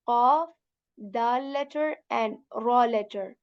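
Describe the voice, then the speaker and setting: A woman teaching a beginner Quran Arabic lesson, patiently saying each sound slowly and repeating it for students to copy, and calling her students sister. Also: on the high side, dull audio.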